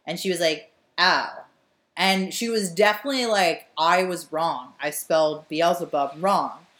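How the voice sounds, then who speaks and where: A woman's voice: lowish voice, a little slow, fairly bright tone. A woman, telling a story with animation and swearing freely as a podcast co-host. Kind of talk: casual chat.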